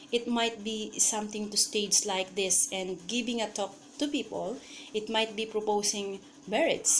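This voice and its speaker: A woman of middling pitch recites a memorized speech for a class. She speaks in short, deliberate phrases and now and then trips over a word. She swings her pitch and loudness to act out her points, over a faint hum of background noise. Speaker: student.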